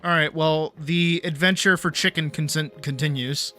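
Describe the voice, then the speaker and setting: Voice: medium pitch, steady tone, moderate pace, sharp tone, soft background music. A young adult game streamer chatting casually and swearing freely while playing. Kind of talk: casual gameplay commentary.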